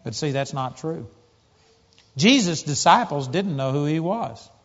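A man preaching a sermon, telling a personal story with animated, rising emphasis as he gets excited. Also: on the high side, unhurried. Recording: muffled sound with long hall reverb.

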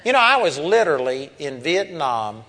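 A man's voice: fairly high pitch, very animated, normal speed, fairly bright tone. An older man preaching a sermon, telling a story and building to impassioned outbursts. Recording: hall reverb.

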